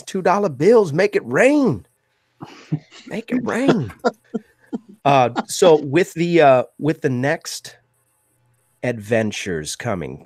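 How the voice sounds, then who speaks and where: A man's voice: medium pitch, no echo, clean studio sound. A man hosting a live-streamed talk show, enthusiastic and chatty, thanking donors and asking guests questions with frequent fillers. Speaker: host.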